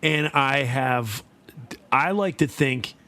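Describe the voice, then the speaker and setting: A man's voice: mid-range voice, slow, sharp tone. A man co-hosting a comedy podcast, joking around in casual chat. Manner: joking, slips into silly put-on voices. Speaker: podcast co-host.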